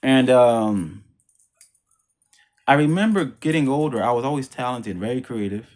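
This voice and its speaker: Speaking at a moderate pace in an animated, mid-range voice with a darkish tone, a man shares his life story as a religious testimony on his vlog. His retelling is casual and rambling, repetitive and emphatic, full of religious language.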